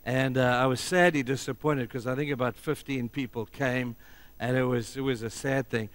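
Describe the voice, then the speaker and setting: With a medium-pitched voice and fairly even intonation, a middle-aged pastor preaches at a normal speed. He tells his stories emphatically, moving back and forth between loud and hushed passages.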